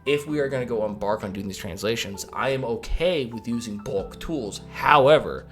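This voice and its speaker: A man's voice: medium pitch, moderate pace. A man hosting a livestream update, talking casually and animatedly, reading chat and swearing now and then. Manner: rambling, animated, swearing, reads chat aloud. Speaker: mod developer hosting a stream update. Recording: faint music behind.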